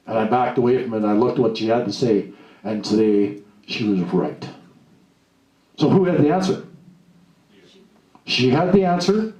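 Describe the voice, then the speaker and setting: A man giving a live motivational talk to an audience, blunt and animated, acting out the lines he quotes. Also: medium pitch, moderate pace, pauses often. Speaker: motivational speaker. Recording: echoey room, mic at a distance, faint noise.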